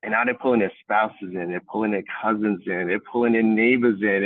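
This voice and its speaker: A man running coach telling stories in an interview, animated and acting out what others say. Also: fairly low pitch, fairly quick, no room sound. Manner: animated storytelling, acting out quotes. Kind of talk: casual interview answer. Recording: tinny phone-like line.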